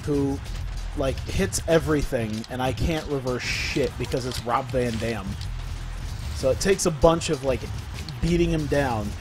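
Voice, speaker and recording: A man's voice: medium pitch, a little slow, over music. A man streaming a wrestling video game, giving live commentary full of swearing and exasperated rants at the game. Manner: profane, exasperated ranting at the game.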